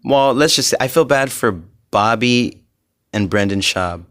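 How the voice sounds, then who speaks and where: A man's voice: mid-range voice, unhurried. A young man hosting a solo podcast, rambling with lots of fillers and swearing, getting heated as he goes. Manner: rambling, profane, many fillers; grows heated and loud. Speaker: podcast host.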